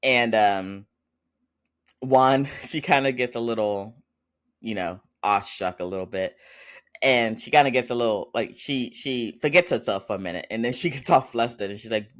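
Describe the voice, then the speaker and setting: A man's voice: medium pitch, moderate pace, a bit bright. A man hosting a podcast, recapping a drama episode in a loose, chatty way with lots of fillers and small laughs. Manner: chatty, rambling, with frequent fillers and little laughs. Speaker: podcast host.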